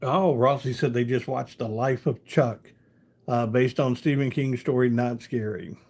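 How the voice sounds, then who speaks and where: A man's voice: mid-range voice, fairly even intonation, unhurried, a little mellow, husky. Rambling man chatting on a live stream. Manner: rambling storyteller, leans on "you know". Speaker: live-stream host reading viewer comments. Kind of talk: casual live-stream chat.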